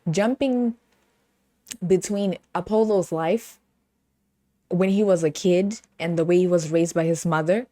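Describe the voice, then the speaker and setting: A woman's voice: fairly low pitch, a little slow, long pauses, dark tone, no echo, studio quality. A woman with a British accent hosting a podcast, chatting casually and playfully, laughing often and breaking into sing-song bits. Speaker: podcast host. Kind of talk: casual chat.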